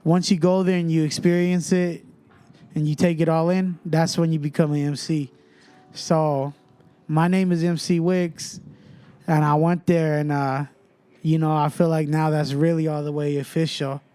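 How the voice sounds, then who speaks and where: A man's voice: fairly high pitch, moderate pace, clear, resonant tone, dry recording. A young adult man from Fresno, a rapper guest telling a story in casual chat and acting out the people in it. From Fresno, California. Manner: animated storyteller who acts out other people's voices.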